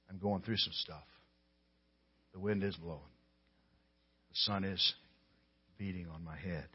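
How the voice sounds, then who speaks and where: Male pastor, low voice, forceful stresses and hushed drops, muffled dry sermon audio. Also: slightly rough, dry recording. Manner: emphatic, with sudden loud stresses and quiet drops.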